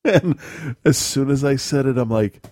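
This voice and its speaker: A man's voice: medium pitch, expressive, normal speed, darkish tone, dry recording. A man chatting casually as a podcast host, telling a meandering story full of restarts and laughs. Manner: rambling storyteller, self-correcting, laughs often. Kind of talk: casual chat.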